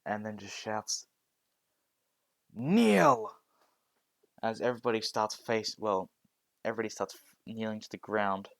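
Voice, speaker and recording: A man's voice: fairly low pitch, little pitch movement, fairly quick, dry recording. A young man improvising a fan-fiction story, hesitant with many fillers and restarts.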